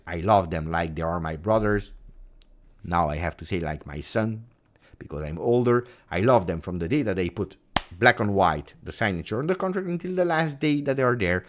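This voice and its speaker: A man hosting a football vlog, talking in an emphatic, theatrical way that jumps between loud and hushed. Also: fairly low pitch. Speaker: football channel host. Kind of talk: animated football commentary vlog.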